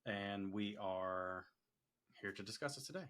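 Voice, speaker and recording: A man co-hosting a casual chat, relaxed and hesitant, swearing offhandedly. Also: fairly low pitch, unhurried. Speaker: co-host.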